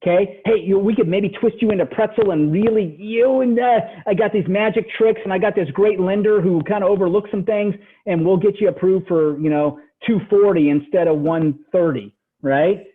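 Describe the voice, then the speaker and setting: A man giving a motivational real estate training talk over a call, animated and tacking "right?" onto his points. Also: high voice, normal speed, husky. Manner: animated, repeats "right?" after each point. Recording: tinny phone-line audio.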